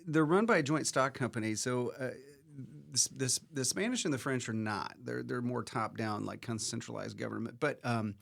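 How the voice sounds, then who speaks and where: A man with a gravelly voice rambles through a history review, joking as he goes. His voice sits at a plain mid pitch. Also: normal speed, a bit bright. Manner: joking, meandering. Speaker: teacher and podcast co-host. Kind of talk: casual history review chat.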